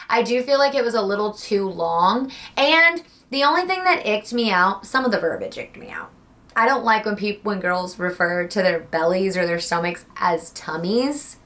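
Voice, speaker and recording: A young woman casually chatting about books she read, gushing and slangy, animated and talkative. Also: mid-range voice. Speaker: book vlogger. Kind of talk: casual book review chat.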